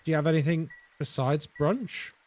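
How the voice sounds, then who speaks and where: A man's voice: on the high side, moderate pace, a little hiss or hum. A young man streaming a horror game, chatting casually and playfully with his viewers as he plays. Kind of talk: casual live-stream chat while gaming.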